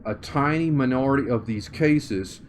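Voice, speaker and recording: A man with a Southern accent from Oklahoma, giving an interview and thinking aloud with many pauses and restarts. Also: mid-range voice, a little hiss or hum. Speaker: interview guest. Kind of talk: conversational interview.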